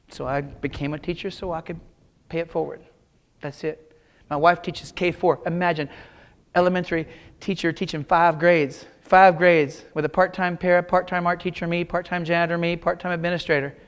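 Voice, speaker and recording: At normal speed and with a flat delivery, a middle-aged Kansas man with a slightly high voice gives a keynote in a large auditorium. He tells motivational stories, folksy jokes included, and speaks straight to the audience.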